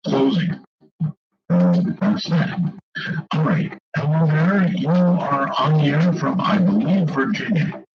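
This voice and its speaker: A man's voice: a little high, very animated, slow, dull audio, crowd noise. A man hosting a late-night call-in radio show, chatty, wry and easily amused. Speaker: radio talk show host.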